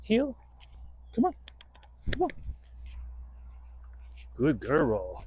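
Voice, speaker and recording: A man's voice: a little high, expressive, a little slow, dull audio, slight background noise. A man training a dog outdoors, rambling casually to the camera, swearing freely and breaking off to give the dog commands.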